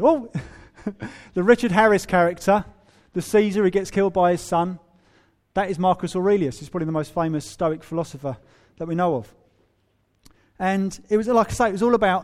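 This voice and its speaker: A man preaching a sermon in a humorous, animated way, acting out quoted voices. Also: sits high. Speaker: pastor.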